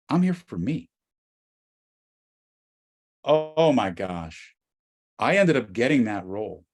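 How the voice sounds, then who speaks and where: Animated middle-aged American man storyteller. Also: mid-range voice. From United States. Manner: expressive, swinging from quiet asides to near-shouts. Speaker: guest speaker.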